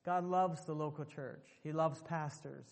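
A man's voice: fairly high pitch, steady tone, a little slow, creaky, big-room sound. A male pastor preaching a sermon emphatically to his congregation, repeating phrases for effect.

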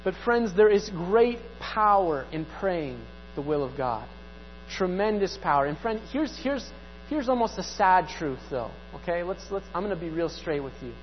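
A man's voice: high-pitched, animated, normal speed, a little hiss or hum. Male pastor, sermon delivery, conversational with repeated emphatic lines; long hall reverb, dull recording.

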